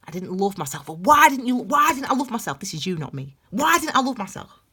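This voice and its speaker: A woman giving a passionate, blunt tarot reading that swings between loud emphasis and hushed intensity. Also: fairly high pitch, big pitch swings, brisk, breathy edge. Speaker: tarot reader. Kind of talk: intuitive tarot reading, spiritual pep talk.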